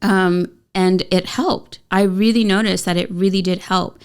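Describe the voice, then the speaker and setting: A woman's voice: medium pitch, fairly even intonation, measured pace, clear, resonant tone. A woman in her thirties co-hosting a casual parenting podcast, talking candidly and chattily with lots of fillers. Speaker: podcast co-host.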